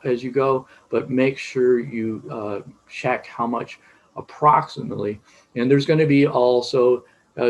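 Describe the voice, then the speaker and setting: Middle-aged male shop teacher, mid-pitched, loose and rambling with lots of fillers. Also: poor audio. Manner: rambling, many fillers and restarts. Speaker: automotive instructor. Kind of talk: casual teaching talk.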